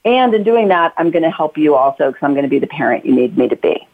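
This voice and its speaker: A woman's voice: sits low, expressive, fast. Talkative woman author on a tinny line. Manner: talkative, acts out quoted lines to her kids. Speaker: author and guest. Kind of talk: casual interview talk.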